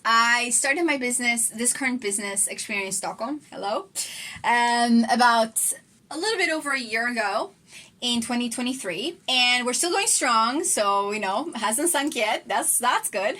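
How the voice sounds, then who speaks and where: A woman's voice: a little high, animated, measured pace, sharp tone. A woman in her twenties talking casually to camera in a vlog, chatty and enthusiastic. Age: 20s. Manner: chatty and enthusiastic, many fillers. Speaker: entrepreneur vlogger.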